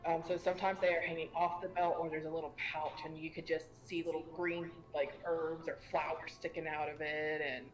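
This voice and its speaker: Give me a slightly low-voiced woman player, giggly and rambling, with faint music behind. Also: level tone, a little fast, hardly any pauses, poor audio. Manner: rambling with many fillers, giggly. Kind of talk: casual tabletop play.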